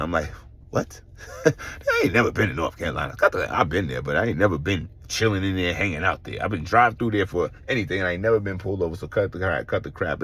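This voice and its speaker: A middle-aged man, telling his own story in a casual vlog, animated and swearing, acting out other people's voices. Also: deep voice. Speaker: vlogger.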